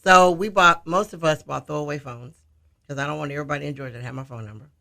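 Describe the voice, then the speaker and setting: A man's voice: a little high, fast talker, vocal fry, pushed and bright. A man from Detroit, co-hosting a radio talk show, telling a story in casual chat and laughing often.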